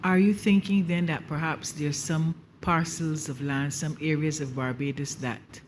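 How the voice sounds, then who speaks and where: A man on a consultation panel asks a question very slowly and deliberately in a mid-range voice. A faint hiss sits under his speech. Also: on the high side, fairly even intonation. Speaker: panel member at a public consultation. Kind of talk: public meeting question.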